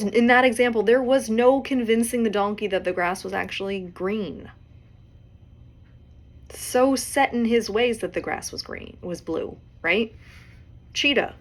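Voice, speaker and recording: A woman in her forties hosting a solo podcast, talking in a conversational way and often adding tag questions. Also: mid-range voice. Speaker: podcast host.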